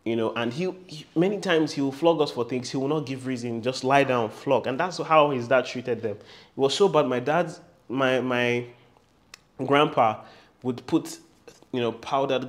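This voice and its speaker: Emphatic pastor preaching. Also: male voice, mid-range voice. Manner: emphatic and repetitive, with humorous storytelling asides. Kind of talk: sermon.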